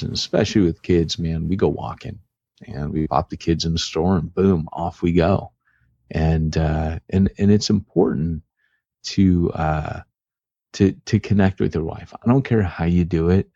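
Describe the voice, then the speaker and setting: A man's voice: low-pitched, gravelly, darkish tone, breathy edge, no echo. A man co-hosting a podcast in casual, rambling chat with lots of filler words, on dull lo-fi audio. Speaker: podcast co-host.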